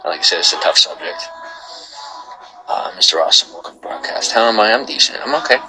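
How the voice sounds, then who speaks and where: Fast and low with vocal fry, this livestream host talks over music in poor audio. He greets viewers and reads comments in casual chat, then gets worked up and rambles, saying the same things over.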